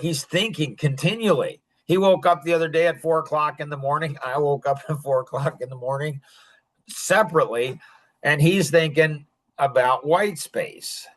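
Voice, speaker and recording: A man's voice: a little high, moderate pace, fairly bright tone. A man hosting a podcast in a casual, rambling chat, chuckling often and saying "like" a lot. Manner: rambling, chuckling, heavy use of "like". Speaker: podcast host.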